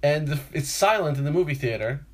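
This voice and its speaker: A man's voice: fairly high pitch, animated, brisk. New man, podcast co-host, rambling storyteller who acts out his quotes. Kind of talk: casual chat.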